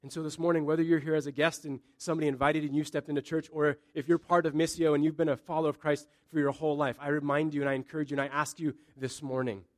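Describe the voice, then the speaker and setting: A man preaching in church as a pastor, building up his points through repeated emphatic phrases. His voice sits a little higher than most men's. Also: level tone, quick pace, hardly any pauses. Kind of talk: sermon.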